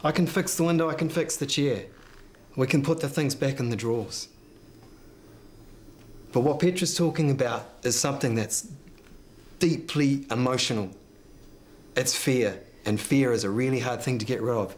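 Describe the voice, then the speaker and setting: A man's voice: medium pitch, moderate pace, a little mellow, slight background noise. A man, speaking bluntly and heatedly at a family meeting. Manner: blunt and worked up. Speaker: family member of victim. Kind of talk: emotional conference talk.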